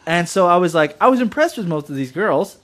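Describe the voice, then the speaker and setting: A man's voice: sits high, expressive, brisk, a bit bright. Rambling, jokey man in casual chat. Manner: rambling, jokey, slips into silly put-on voices for quotes. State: drinking.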